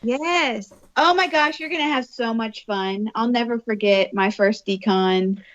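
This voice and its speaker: A woman co-hosting a podcast in casual chat, bubbly and quick, often repeating words as she gets going. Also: a little high, muffled recording. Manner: bubbly, fast-talking, repeats words when excited. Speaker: podcast co-host.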